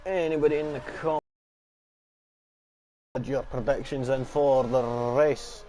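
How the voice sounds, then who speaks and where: A man's voice: medium pitch, steady tone, slow, dark tone, a little hiss or hum. A young Scottish man giving casual, swearing live commentary on a sim racing league stream and chatting with viewers. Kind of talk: live esports race commentary.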